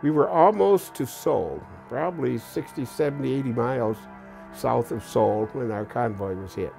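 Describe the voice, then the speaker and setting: A man's voice: mid-range voice, moderate pace, gravelly, over music. An elderly man in his eighties, a war veteran, recounting his experiences in a blunt, plain-spoken documentary interview. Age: 80s. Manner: plain-spoken, blunt storytelling with occasional profanity.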